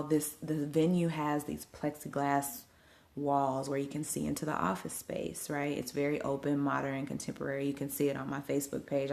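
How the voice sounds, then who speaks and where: Woman host, low voice with vocal fry, chatty storyteller talking to her livestream viewers at home. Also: darkish tone. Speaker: event host and live streamer. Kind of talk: casual livestream recap. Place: at home at night. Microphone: phone livestream.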